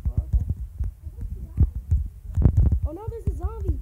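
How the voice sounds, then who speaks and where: A young woman giving casual, excitable commentary while playing a video game with a friend, often yelping and laughing. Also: very high-pitched, measured pace, long pauses, narrow, tinny audio. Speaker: gaming video host. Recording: loud background noise.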